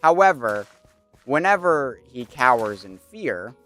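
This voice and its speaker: Male streamer, casual gaming commentary, rambling, smooth voice, faint music behind. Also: mid-range voice, very animated, takes it slowly, fairly bright tone. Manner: rambling, many fillers and restarts.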